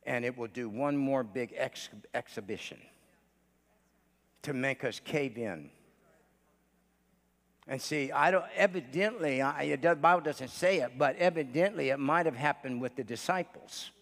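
A male pastor preaching a sermon, swinging between shouted declarations and hushed storytelling, with many "uh" fillers between phrases. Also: medium pitch, a little slow. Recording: long church hall reverb.

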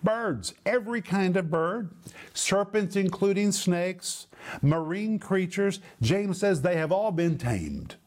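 A middle-aged man teaching from the Bible on a TV program, slow and emphatic, dropping low at the ends of verses. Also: sing-song, darkish tone.

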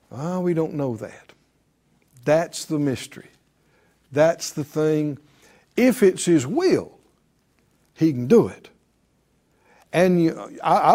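A man preaching a sermon in a high, animated voice that swings widely in pitch. He speaks slowly with a warm, mellow tone. He drives his points home by repeating key words and acting out other people's prayers.

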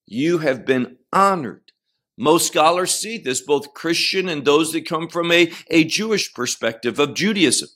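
A man teaches from scripture in an unhurried, deliberate way. His voice sits a little high for a man, and he leans hard on the words he wants to stress, often saying them twice. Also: expressive, a bit bright. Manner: emphatic, repeats phrases while explaining scripture. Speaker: Bible teacher. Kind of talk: expository Bible teaching.

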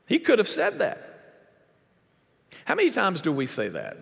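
A man preaching a sermon as a pastor, emphatic, with big swings in pitch and volume. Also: huge pitch swings, normal speed, creaky, pauses often, big-room sound.

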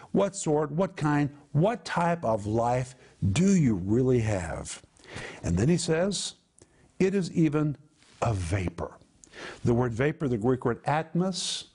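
A middle-aged man teaching the Bible, explaining word meanings slowly and with emphasis. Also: a little high, darkish tone. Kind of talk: teaching sermon.

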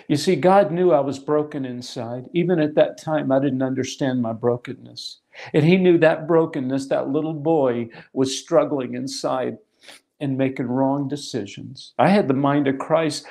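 A middle-aged man delivers a sermon, weaving a personal testimony into his teaching. His voice has a gravelly, rough edge, and he drives points home by repeating key phrases. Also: medium pitch, warm tone. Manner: storytelling, emphatic repetition. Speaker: pastor.

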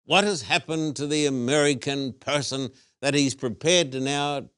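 A man hosts an interview as a pastor, in a measured voice. He asks pointed rhetorical questions. The recording is dry, with no room sound. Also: mid-range voice, a bit bright, smooth, no echo.

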